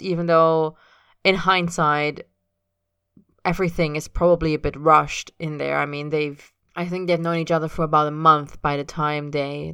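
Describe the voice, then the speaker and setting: A woman's voice: deep voice, a bit bright, smooth, no echo, studio quality. A woman reading fan fiction aloud as an audiobook, giving a casual, reflective afterword about her recording. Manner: reflective, musing. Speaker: podfic reader.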